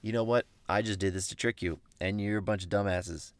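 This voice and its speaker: A man's voice: fairly low pitch, fairly even intonation, brisk, no echo, natural voice. A man voicing a boastful trickster white hare in a casually told myth, speaking in a cocky, mocking way.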